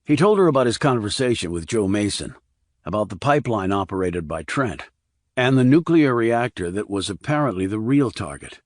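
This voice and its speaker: Brief: male audiobook narrator, low-pitched, steady reading, dry studio sound. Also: fairly quick, no echo. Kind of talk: scripted thriller narration.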